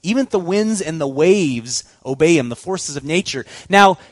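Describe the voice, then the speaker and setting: A middle-aged man preaching a lively sermon, telling stories with acted-out voices and laughing at himself. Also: on the high side, normal speed, dry recording. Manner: animated storytelling, acts out voices, laughs at himself. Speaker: pastor.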